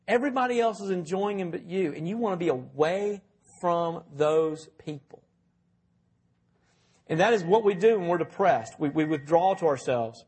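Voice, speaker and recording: A man's voice: sits high, lively intonation, moderate pace, darkish tone, slightly rough. A man preaching a sermon in a conversational way, asking his listeners questions and telling stories. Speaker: pastor.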